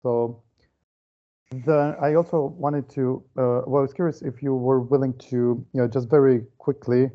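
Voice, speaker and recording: Host: a man of middle pitch who asks halting, filler-laden questions, heard through muffled lo-fi audio. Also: steady tone. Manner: hesitant, filler-heavy questioning. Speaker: interview host. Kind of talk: casual interview questions.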